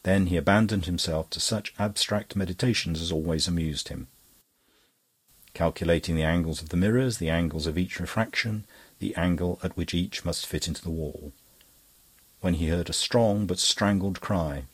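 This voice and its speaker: Low, husky male audiobook narrator. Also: moderate pace. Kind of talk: scripted narration.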